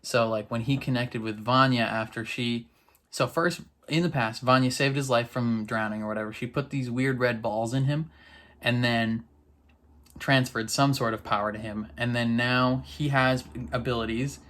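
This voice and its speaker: Rambling, excitable male reaction vlogger. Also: medium pitch, normal speed. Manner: rambling, loose and excitable, full of "like" and "freaking". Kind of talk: casual episode recap and reaction.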